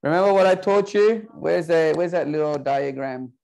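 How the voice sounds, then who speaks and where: A man teaching an Arabic class online, playful and coaxing, repeating words slowly for his students. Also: a little high, gravelly, darkish tone.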